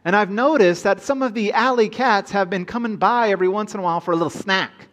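A man's voice: high-pitched, fast, a bit bright. A man in his thirties, a pastor giving a sermon who reads scripture and then tells a personal story with playful, joking asides to the congregation.

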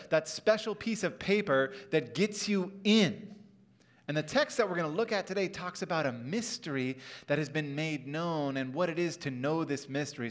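A man's voice: fairly high pitch, fairly bright tone. Man, pastor, middle-aged, humorous conversational sermon, church auditorium. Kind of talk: sermon with storytelling.

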